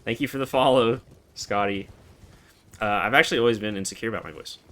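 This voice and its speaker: A man in his twenties streaming a game, chatting casually and answering chat in a relaxed, monotone way. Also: fairly low pitch, fast talker. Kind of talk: casual live-stream chat while gaming.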